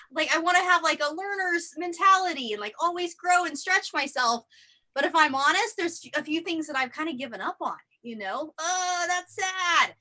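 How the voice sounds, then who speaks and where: A woman's voice: extremely high pitch, expressive, moderate pace, pushed and bright. A woman doing improvised stand-up comedy in a rambling, self-deprecating way, full of fillers and tangents. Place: theatre stage.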